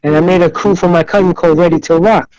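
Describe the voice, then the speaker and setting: A man's voice: high voice, fast talker, no room sound, poor audio. An older man, a guest in a casual interview, telling rambling stories and acting out the other voices. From New York City. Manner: rambling, animated storyteller who acts out other voices in quotes.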